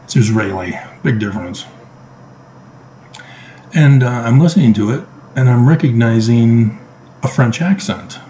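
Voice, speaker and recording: A man's voice: medium pitch, expressive, measured pace, pauses often, warm tone, poor audio. Middle-aged man, mid-range voice, emphatic monologue full of sarcastic rhetorical questions, faint hiss behind. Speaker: vlogger. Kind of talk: casual monologue to camera.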